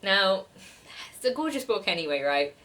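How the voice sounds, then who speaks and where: A woman's voice: medium pitch, sing-song, normal speed, fairly bright tone. A young woman chatting casually as a book vlogger, giggly and gushing about her gifts. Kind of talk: casual chat.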